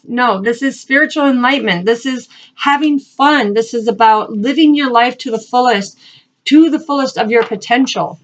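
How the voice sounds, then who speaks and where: Higher-voiced woman doing a spiritual card reading, earnest and repetitive, muffled lo-fi sound. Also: moderate pace. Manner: earnest, repetitive, encouraging, asks spirit questions aloud. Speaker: spiritual reader and channel host.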